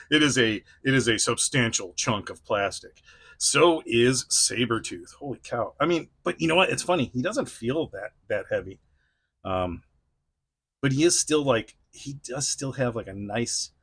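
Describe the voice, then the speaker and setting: A man's voice: mid-range voice, fairly bright tone. A man hosting a casual toy unboxing review, rambling with frequent chuckles and restarts.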